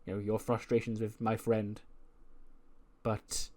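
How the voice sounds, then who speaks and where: A man voicing a calm, persuasive wrestler who reasons with others to make peace in a game story. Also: on the low side, unhurried, lightly acted. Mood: placating. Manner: reasoning, placating.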